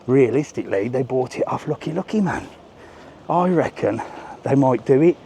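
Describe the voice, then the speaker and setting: On a busy resort seafront, a man live-streams a walking tour in a warm, expressive, mid-range voice at a moderate pace. His talk is casual and full of jokes, with the occasional swear word, over faint traffic and street sounds.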